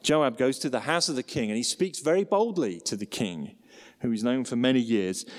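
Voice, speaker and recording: A man preaching a sermon with expressive emphasis and rhetorical questions. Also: mid-range voice, moderate pace. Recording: long hall reverb.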